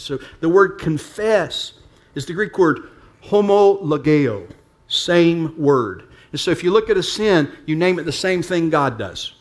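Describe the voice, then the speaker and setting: A pastor preaching a sermon to his church, talking plainly and swinging between hushed asides and emphatic points. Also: a little high, expressive, normal speed.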